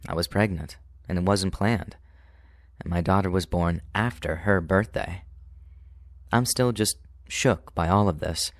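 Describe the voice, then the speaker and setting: A man narrating true paranormal stories in a calm, steady, scripted way. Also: low-pitched, no echo, clean studio sound. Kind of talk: scripted horror story narration.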